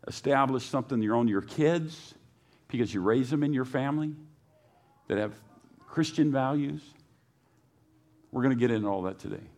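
A male pastor preaching a sermon, reading scripture and rising into pointed rhetorical questions. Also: medium pitch.

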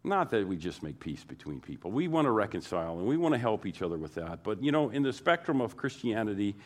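A man's voice: lowish voice, big pitch swings, quick pace. A man preaching a sermon to his congregation, repeating phrases and building emphasis as he goes. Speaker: pastor.

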